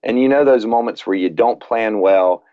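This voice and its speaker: A man in his late thirties with a low voice speaks earnestly, repeating his first words as he tells a family story. The sound is dry and a little dull, with no room around it. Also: moderate pace, clean tone, no echo. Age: late 30s. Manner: earnest, repeats words when starting sentences. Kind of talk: casual faith conversation with storytelling.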